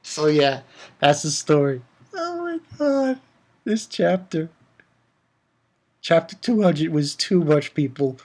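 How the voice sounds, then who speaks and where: A man hosting a casual manga review vlog. He laughs often and swings between loud outbursts and mumbled asides. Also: on the high side, slow, long pauses. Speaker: manga reviewer, channel host.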